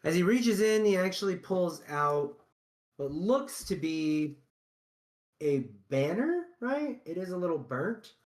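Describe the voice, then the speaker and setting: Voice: mid-range voice, very animated, slow. A game master narrating a tabletop game in a loose, chatty way, often checking in with "right?".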